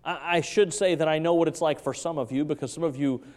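A male pastor preaching a sermon in a church, excitable and quick, stumbling and repeating words as his enthusiasm runs ahead. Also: a little high. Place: church sanctuary. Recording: long reverb of a large church hall.

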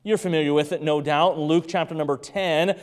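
A man with a fairly high voice preaches an evening sermon. He hammers key phrases again and again, then sometimes sinks into a hushed, gentle tone. His voice rings with the long reverb of a church sanctuary. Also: steady tone, a little fast. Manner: emphatic, repeats key phrases, drops to soft tones. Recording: long reverb of a large room.

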